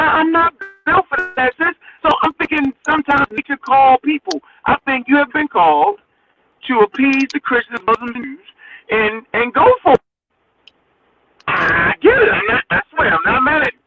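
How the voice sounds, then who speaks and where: A man's voice: very high-pitched, pushed and bright, lo-fi sound. A man in a heated panel discussion, talking emphatically and stammering, with many repeated words. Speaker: guest panelist.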